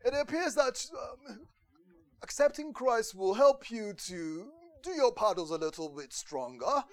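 A preacher voicing an overly polite, pompous British gentleman with an affected posh accent. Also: animated, a little slow, full character voice. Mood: mock-polite. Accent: put-on posh British. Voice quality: high, affected, fussy.

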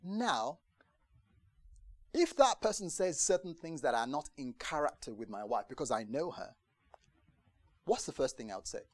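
A man preaching a conversational sermon to a congregation, lively and chatty, acting out the voices he quotes and often asking if they understand. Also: on the high side, moderate pace, pauses often, dry recording. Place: church gathering in the UK.

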